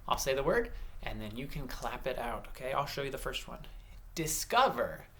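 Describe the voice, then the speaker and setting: A man's voice: medium pitch, very animated, moderate pace, very noisy. A male teacher leading an early-grade reading lesson for children, spelling words out letter by letter and chanting rhymes as he claps out syllables.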